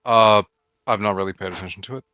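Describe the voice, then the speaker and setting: A man's voice: fairly low pitch, fast talker, bright, forceful tone, no echo. A man chatting casually on a stream, offhand and making crude jokes. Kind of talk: casual chat. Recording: dull lo-fi mic.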